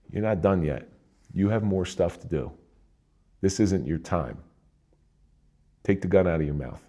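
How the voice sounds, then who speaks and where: Low, mellow-voiced middle-aged man. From New Jersey. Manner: earnest, conversational, with frequent restarts and emotional pitch swings. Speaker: interview guest, retired police officer. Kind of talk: candid personal storytelling.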